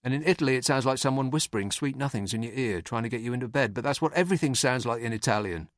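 A man's voice: mid-range voice, quick pace, dry recording. A man hosting a podcast, delivering a dry, sardonic scripted comic monologue. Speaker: podcast host.

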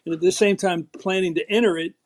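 An older man with a Philadelphia accent, telling stories emphatically as an interview guest. His voice sits fairly high, and he slips into the voices of the people he quotes. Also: steady tone, quick pace. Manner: emphatic, storytelling, acts out quotes. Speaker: guest, former TV political host. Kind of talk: animated interview talk.

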